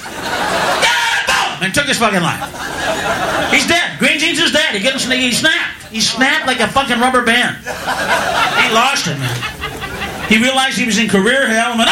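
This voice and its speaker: A man doing stand-up comedy, swearing constantly and shouting his punchlines. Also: extremely high pitch, sing-song, a little fast. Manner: profane, shouting rants with mock voices. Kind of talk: stand-up routine. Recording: roomy club with loud crowd and noise. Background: audience laughter.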